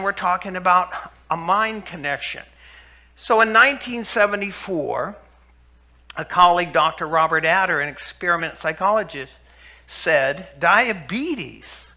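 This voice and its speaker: A man giving a health lecture to an audience, telling stories and acting out the dialogue with animated energy. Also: a little high. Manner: animated storyteller, acts out dialogue, laughs. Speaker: health speaker.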